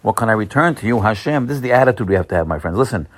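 A man who sounds like a rabbi, giving a holiday sermon. He talks haltingly, with many fillers, then builds to excited, emphatic bursts. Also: lowish voice.

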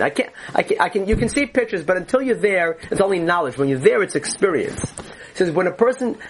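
A man's voice: on the high side, a little hiss or hum, rough recording. A man teaching a Torah class, earnestly explaining ideas and often restarting his phrases.

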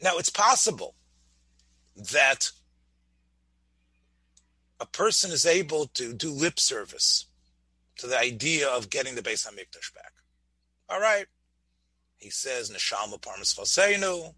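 A man's voice: medium pitch, very animated, slow, pauses often, pushed and bright, husky, no room sound. A man giving a Torah class, asking his listeners questions and often restarting his words. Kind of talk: Torah lecture.

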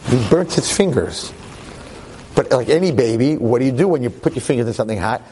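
A man teaching a class, telling a story in a lively, joking way and acting out the quotes. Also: mid-range voice, a little fast, big-room sound, slight background noise. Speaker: religious teacher.

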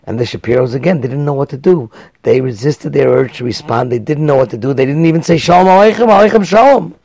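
Gravelly-voiced man giving a sermon. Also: medium pitch, fast, mellow. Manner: earnest, builds to raised emphatic passages. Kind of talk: sermon with storytelling.

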